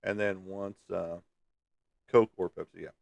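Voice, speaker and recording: A man's voice: low-pitched, little pitch movement, a little slow, vocal fry, dry recording. A man hosting a casual livestream, rambling in a folksy way and chuckling as he answers viewer comments. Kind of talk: casual chat.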